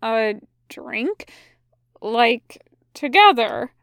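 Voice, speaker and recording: A woman's voice: sits high, expressive, no room sound, clean studio sound, voice pushed up. A woman doing a wary, puzzled male demon. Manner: slow and hesitant.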